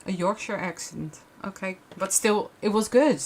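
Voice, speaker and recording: A woman's voice: mid-range voice, moderate pace, a little mellow, a little hiss or hum. A young adult woman chatting casually as she crafts on a livestream, rambling with frequent restarts and fillers. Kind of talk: casual chat while crafting.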